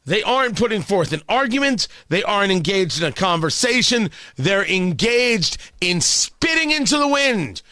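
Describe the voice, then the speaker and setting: An emphatic male radio host delivering a sarcastic opinion monologue, his fairly high voice leaping around with lively swings in pitch. The tone is bright and cutting, and the studio sound is dry and close. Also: moderate pace, few pauses, no echo. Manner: emphatic, sarcastic, repeats phrases for effect.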